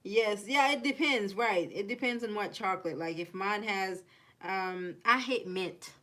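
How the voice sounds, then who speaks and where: A woman's voice: mid-range voice, a little slow, fairly bright tone. Chatty woman with Haitian-Kentucky accent. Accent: mixed Haitian and Kentucky. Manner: chatty, rambling, reads viewer comments aloud; laughs often, giggly asides. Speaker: live streamer. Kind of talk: casual live-stream chat.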